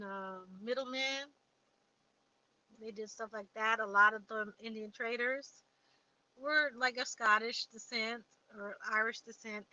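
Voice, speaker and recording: Bright-voiced woman on lo-fi livestream. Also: on the high side. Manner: chatty, reads viewer comments aloud and replies. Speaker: livestream host answering viewer questions. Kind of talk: casual live chat.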